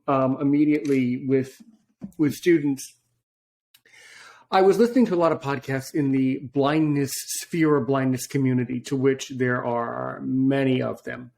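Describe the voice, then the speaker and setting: A man's voice: fairly high pitch, fairly even intonation, a little slow, gravelly, a little mellow. A man hosting a podcast interview, talking in a rambling way with tangents. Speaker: podcast host. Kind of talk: casual interview chat.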